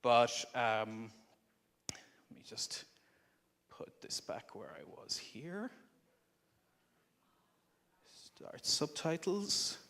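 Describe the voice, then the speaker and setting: A man's voice: mid-range voice, sing-song, very slow, pauses often, fairly bright tone, in a whisper. A man giving a live presentation to an audience at a conference, speaking into a microphone in a conversational, explanatory way. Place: conference room before an audience.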